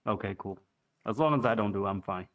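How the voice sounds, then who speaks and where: A young man chatting in a relaxed, self-deprecating way, swearing casually. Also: on the low side, fast. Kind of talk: casual chat.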